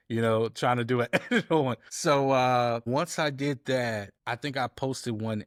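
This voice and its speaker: A man's voice: medium pitch, no room sound, clean studio sound. A man telling stories in a casual interview, a DJ guest acting out quoted conversations as he goes. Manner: animated storyteller acting out quoted dialogue. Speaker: guest, DJ and editor.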